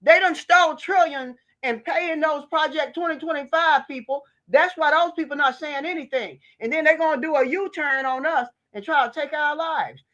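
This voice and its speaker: A woman's voice: high-pitched, normal speed, few pauses, a bit bright, dull audio. A woman from the United States, a vlogger delivering an impassioned political rant in a fiery, preachy, emphatic way.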